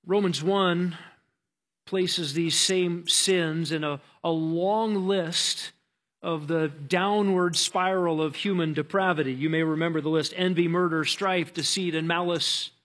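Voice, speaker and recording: A man delivers a sermon in a high, light voice. He preaches earnestly and with emphasis, stumbling and restarting his phrases as he presses his point. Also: fairly even intonation, measured pace, fairly bright tone. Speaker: pastor.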